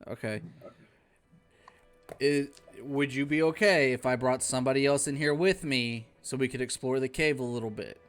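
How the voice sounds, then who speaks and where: A man's voice: mid-range voice, moderate pace, faint music behind. A man with a mid-range voice, speaking as a player in a tabletop game. His manner is plain and matter-of-fact, with casual phrasing.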